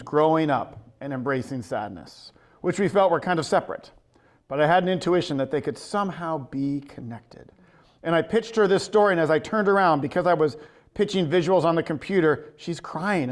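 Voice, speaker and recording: A man teaching a Bible study, telling a story in a conversational way with many ums and restarts. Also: fairly high pitch. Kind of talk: casual teaching talk.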